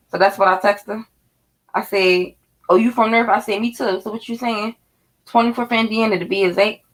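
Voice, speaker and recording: A woman in her thirties from North Philadelphia with a Philly accent, telling a story to her viewers in a casual, animated, profane way. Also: mid-range voice, low-quality recording. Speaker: vlogger.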